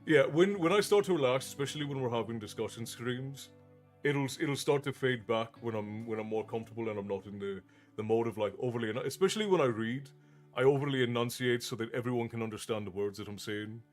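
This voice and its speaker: Chatty streamer, faint Newfoundland trace. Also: male voice, medium pitch, soft background music. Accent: Americanized with Newfoundland traces. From Newfoundland, Canada. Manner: pauses to think, frequent restarts. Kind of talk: casual chat with live chat.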